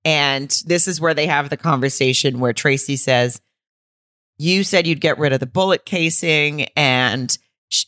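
A woman's voice: a bit bright, no echo, clean studio sound. A woman co-hosting a casual podcast, recapping a movie and acting out the characters' lines with frequent laughter. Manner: laughs often, acts out quotes with big pitch swings. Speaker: podcast co-host.

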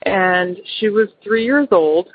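A woman's voice: mid-range voice, lively intonation, slow pace, slightly rough, dry recording. A middle-aged mother calling in to tell a personal ghost story, hesitant, with many ums and restarts. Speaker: caller. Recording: phone line.

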